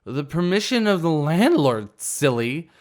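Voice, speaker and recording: A man's voice: very animated, unhurried, a little mellow. A man voicing a drunk, rude young woman partygoer in a story reading, whiny and slurring. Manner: slurring, whiny, shrill outbursts.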